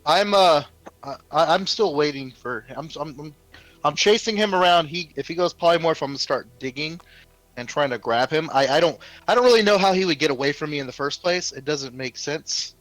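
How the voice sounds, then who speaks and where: A man playing a tabletop role-playing game, stammering through restarts and slipping into his character's gruff anger. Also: on the high side, fairly quick, a bit bright, no echo, poor audio. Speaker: player.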